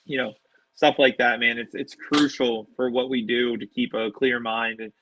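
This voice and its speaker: Bright-voiced wrestler telling stories. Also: male voice, mid-range voice, normal speed, no echo, poor audio. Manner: animated storyteller acting out quotes. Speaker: professional wrestler, guest. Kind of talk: casual interview storytelling.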